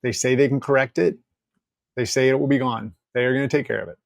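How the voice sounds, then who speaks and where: A man, a podcast guest, telling a story in casual conversation, candid and joking, quoting people in lively asides and swearing freely. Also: mid-range voice, fast talker, gravelly, dry recording, clean studio sound.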